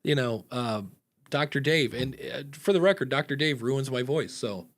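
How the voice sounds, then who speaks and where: An American man hosts a podcast at medium pitch and normal speed. He talks casually and chattily, rambling with lots of fillers.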